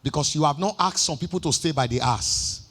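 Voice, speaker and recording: A man with a Nigerian accent preaching a sermon as pastor. He swings between chanted, shouted lines and quiet asides. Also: fairly high pitch, fairly quick. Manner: shouts and sings phrases, then drops to quiet asides.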